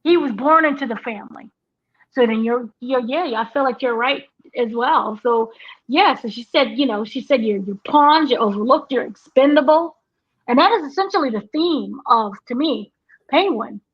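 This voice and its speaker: A woman's voice: a little high, moderate pace, breathy edge. A woman co-hosting a casual TV review chat, talking it through and acting out lines from the show. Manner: conversational, acts out quotes from the show. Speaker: entertainment editor, co-host. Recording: dull lo-fi audio.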